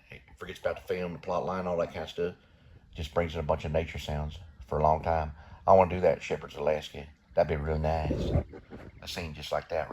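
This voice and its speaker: A man's voice: rumbling low, darkish tone, a little hiss or hum. A man giving rambling, folksy commentary while watching a film, swearing casually and repeating himself. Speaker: vlogger.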